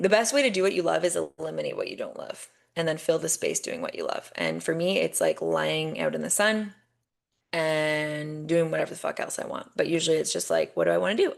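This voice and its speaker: A woman's voice: sits low, very animated, a little fast, gravelly. A young adult woman hosting a podcast, giving an emphatic motivational monologue that swears freely and repeats phrases for punch. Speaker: podcast host.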